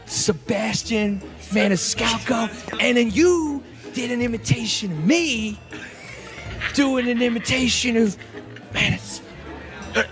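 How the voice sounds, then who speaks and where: A man comedian telling an animated story in casual podcast chat. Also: very high-pitched, slow, over music. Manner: animated storytelling, restarts and laughs. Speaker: comedian guest.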